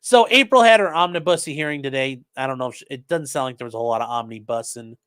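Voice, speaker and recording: A man's voice: medium pitch, quick pace, a bit bright, clear, resonant tone. A man hosting a casual commentary stream, reading viewer messages aloud and answering them sarcastically. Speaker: host reading chat.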